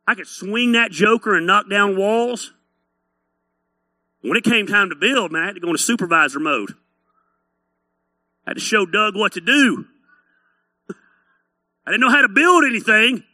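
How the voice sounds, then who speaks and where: A male pastor preaching in a blunt, teasing, animated way. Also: high voice, moderate pace, long pauses, no room sound. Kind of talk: sermon.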